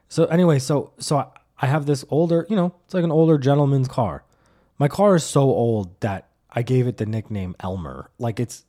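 A man hosts his own comedy podcast and tells a story at length, with a mellow, warm tone. He rambles, swears freely and stumbles through fillers and restarts. When he acts out his own lines, he turns deadpan and overly formal. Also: medium pitch. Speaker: podcast host.

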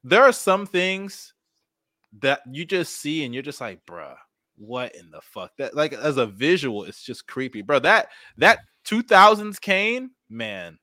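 A man's voice: a little high, big pitch swings, unhurried, bright, forceful tone, no room sound, clean studio sound. A man co-hosting a casual podcast, blunt, slangy and profane. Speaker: podcast co-host. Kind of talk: casual sports and wrestling chat.

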